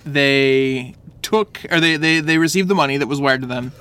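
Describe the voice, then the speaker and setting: A man's voice: mid-range voice, moderate pace, bright, forceful tone, clean tone. A man co-hosting a casual comic book podcast, enthusiastic and filling his talk with "like" and "uh" as he describes details. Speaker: podcast co-host.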